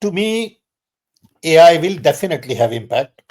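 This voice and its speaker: An older man, speaking as a guest in a conversational Q&A. He talks emphatically and insistently, stressing points with sudden jumps in pitch. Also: very animated, moderate pace, a little mellow.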